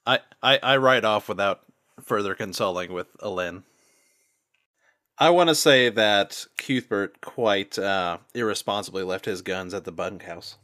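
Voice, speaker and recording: A man's voice: lowish voice, measured pace, sharp tone, no echo, clean studio sound. A man playing a cowboy character in a tabletop western game, casual and drawling. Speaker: player.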